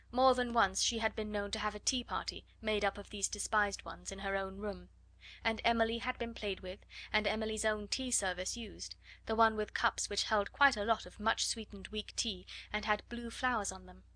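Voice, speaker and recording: A woman narrates a classic children's novel at an even storytelling pace. Her voice is bright and clear. The recording is dry and close. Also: mid-range voice, dry recording. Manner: measured storytelling. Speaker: audiobook narrator. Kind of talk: scripted audiobook narration.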